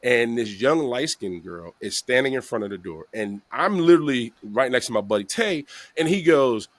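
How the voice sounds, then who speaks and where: A man's voice: medium pitch, normal speed, dry recording. A man from the Bronx hosting a podcast, telling a long story casually and acting out the voices of people in it. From the Bronx, New York. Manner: animated, acts out voices in his stories, laughs often. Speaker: podcast host.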